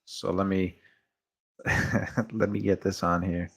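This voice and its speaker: Host: a man with a lowish voice, loose chatty delivery. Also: takes it slowly, husky. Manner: relaxed, rambling, chuckles often. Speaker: boxing show host. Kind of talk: casual boxing chat.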